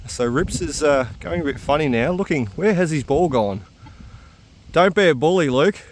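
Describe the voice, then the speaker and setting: A man, giving casual, excitable commentary while metal detecting outdoors on a farm. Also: fairly high pitch, normal speed, slight background noise. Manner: excitable, chatty, often exclaiming.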